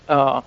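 A man with a fairly high voice preaches an informal sermon, stumbling through restarts and repeated words as he thinks aloud. He slows down to lean on scripture when he quotes it. The recording is dry and a bit dull, with no room sound. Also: vocal fry, a bit bright, husky, no room sound. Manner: stresses quoted scripture slowly.

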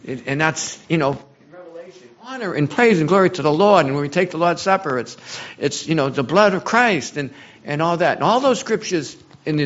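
Man, high voice, halting and heartfelt church testimony, muffled recording. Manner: halting, repeats words, rising to impassioned outbursts. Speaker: church group member sharing. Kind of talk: emotional testimony.

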